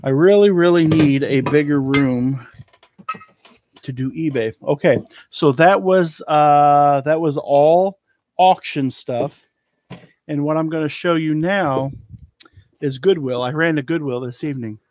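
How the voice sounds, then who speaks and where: A man's voice: a little high, a little slow, darkish tone, a little hiss or hum. A man chatting casually as an online reseller, rambling through his haul and trailing off with ums. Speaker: eBay reseller showing a haul. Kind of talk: casual live haul chat. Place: cluttered storage room indoors.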